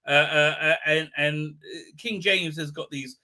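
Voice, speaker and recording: A man's voice: on the high side, fairly even intonation, measured pace, bright, forceful tone. A man hosting a livestream, ranting in a rambling, indignant way full of fillers. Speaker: livestream host. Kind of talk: ranting commentary.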